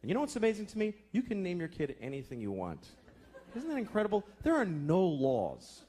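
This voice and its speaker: A man's voice: wildly swooping pitch, a little fast, mellow. A man in his thirties doing a profane stand-up comedy set, slipping into acted voices. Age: 30s. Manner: profane, shifts into acted voices, deep groaning mimicry. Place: comedy club stage. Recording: live club with crowd laughter and noise.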